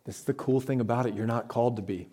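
Pastor guy giving a sermon, warm low tone, chatty and emphatic. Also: quick pace. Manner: conversational, rhetorical questions, emphatic. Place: church.

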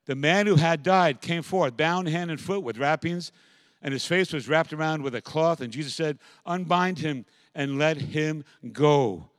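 Male pastor, fairly high voice, fervent sermon delivery, dry close mic. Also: moderate pace, no room sound. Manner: builds from quiet reflection to loud, impassioned preaching.

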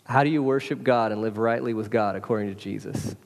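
Emphatic pastor preaching in a reverberant hall. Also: male voice, lowish voice, brisk, vocal fry. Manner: casual, emphatic preaching with direct address to listeners. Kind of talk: sermon.

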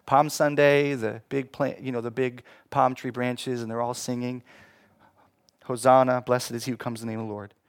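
A man preaching a sermon, swinging between hushed, slow passages and loud, emphatic ones. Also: mid-range voice, flat delivery, clear, resonant tone, no echo, studio quality. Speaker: pastor.

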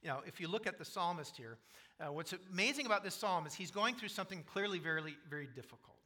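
A pastor preaching a sermon, explaining scripture in an earnest way and asking the congregation questions. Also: male voice, high-pitched, lively intonation, fast talker, sharp tone.

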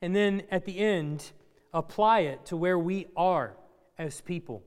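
A man's voice: high voice, unhurried, clear, resonant tone. A man preaching a sermon to a congregation, conversational with dry sarcastic humor. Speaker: pastor. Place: church sanctuary. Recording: long reverb of a church hall.

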